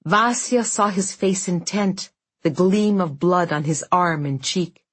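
A woman reads an audiobook in measured, dramatic tones. She speaks slowly, with a low, husky voice. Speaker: audiobook narrator. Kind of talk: scripted narration.

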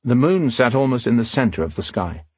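A man narrating a fantasy novel in a measured, steady storytelling voice. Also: medium pitch, slightly rough, dry recording. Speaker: audiobook narrator.

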